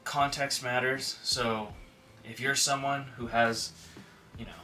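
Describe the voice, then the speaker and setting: A man's voice: medium pitch, fairly even intonation, slow, bright, forceful tone, distant mic, soft background music. A man who works as a dog trainer, talking casually to the camera with lots of filler words and now and then acting out what dogs and owners might say. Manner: conversational, frequent filler words, acts out quoted dogs and owners.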